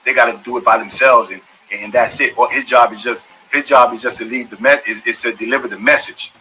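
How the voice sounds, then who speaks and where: A man's voice: mid-range voice, steady tone, brisk, pushed and bright, a little hiss or hum, low-quality recording. A man giving a heated, profane, confrontational monologue, speaking straight at the person he is calling out. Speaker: former community member giving his side. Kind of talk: heated monologue, addressing someone directly.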